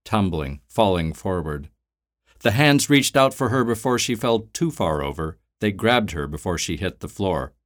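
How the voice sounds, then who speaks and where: Guy with a really low deep voice reading a story out, steady and measured. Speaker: narrator. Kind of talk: scripted story narration.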